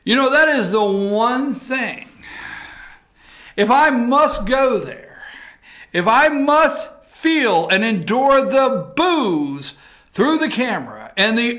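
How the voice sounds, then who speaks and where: A talk show host delivers sarcastic political opinion in an animated way. His voice is high for a man and bright, with a forceful edge.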